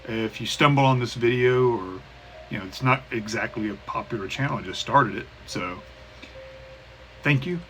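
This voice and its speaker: Halting man with a bright voice. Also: mid-range voice. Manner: halting, many restarts and fillers. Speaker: vlogger. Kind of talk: personal recovery vlog. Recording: poor cheap-mic sound with faint hiss.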